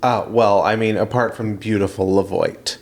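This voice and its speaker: A man with a somewhat low voice co-hosting a chatty podcast. He tells animated stories and drops playful asides. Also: moderate pace, vocal fry, a little hiss or hum. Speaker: podcast co-host. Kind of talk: casual chat.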